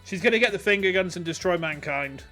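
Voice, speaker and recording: A man's voice: high-pitched, animated, fast, sharp tone, faint music behind. A man streaming a game in casual chat, joking, swearing and laughing often.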